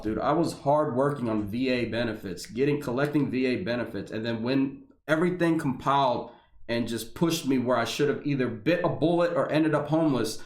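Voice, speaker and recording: A man reading a government memo aloud and ranting about it, heated and profane, stumbling over restarts. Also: medium pitch. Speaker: veteran reacting to a government memo. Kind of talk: angry ranting commentary. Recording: echoey room.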